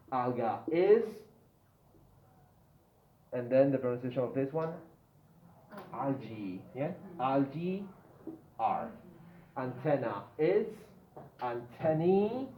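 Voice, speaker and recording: A man's voice: mid-range voice, slight background noise. A male English teacher paces through pronunciation drills, saying each word again and again and checking in with "yeah?". His voice comes through a tinny, phone-like line. The room around him is echoey. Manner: repeats words slowly for pronunciation drills, often asks "yeah?". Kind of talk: online grammar lesson.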